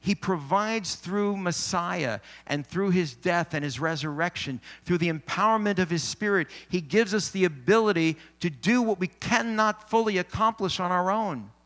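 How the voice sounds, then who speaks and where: A man preaching a sermon in an earnest, measured way, with emphatic pauses. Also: high-pitched, a bit bright.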